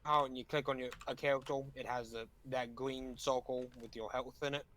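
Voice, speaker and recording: A man playing a tabletop game in casual chat, making sarcastic, quick asides. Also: medium pitch, fairly even intonation, a bit bright, slight background noise. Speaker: player.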